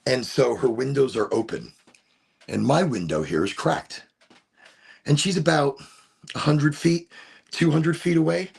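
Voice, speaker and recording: With a gravelly, mid-range voice and a measured pace, a Florida podcast host pauses often during a casual solo chat recorded in a room at home where the window is cracked. He rambles in a laid-back manner, often stopping himself mid-sentence, and the audio is slightly rough.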